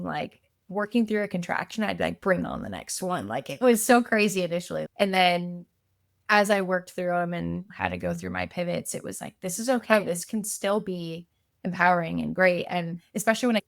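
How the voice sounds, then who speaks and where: A woman's voice: on the low side, vocal fry, dry recording, studio quality. A woman, a podcast guest, telling her story in a chatty, casual way, full of fillers and acted-out quotes.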